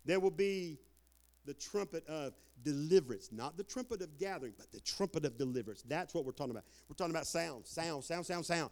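Pastor, male; folksy, energetic preacher, voice pitched high and full of swings. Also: fairly quick. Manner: animated, whooping and shouting, folksy preaching. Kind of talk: lively sermon.

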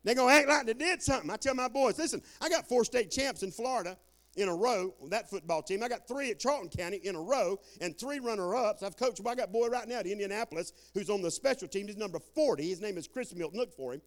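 An older man preaching a folksy sermon, calling out for amens and swinging between loud bursts and quiet asides. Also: high voice, expressive, fast. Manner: folksy Southern preaching, calls for amen, swings loud and soft.

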